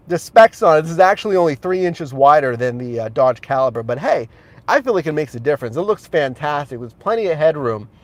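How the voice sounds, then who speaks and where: Man, rideshare driver, live-stream car tour, enthusiastic, chatty, slightly high voice, phone camera. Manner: enthusiastic, chatty, addresses viewers as guys. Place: in and around a car outdoors. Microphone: handheld phone camera.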